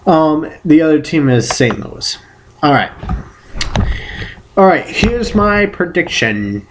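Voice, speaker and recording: A man's voice: a little high, big pitch swings, slow pace, pauses often, slight background noise. A man in a casual solo vlog giving sports predictions, rambling and correcting himself with playful exclamations. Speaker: vlogger giving football predictions.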